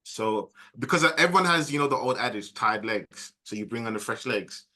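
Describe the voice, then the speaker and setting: Brummie guy, guest on a footie chat, bright punchy voice, laid back. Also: medium pitch, expressive, moderate pace. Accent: Birmingham. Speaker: guest pundit. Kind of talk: casual football chat.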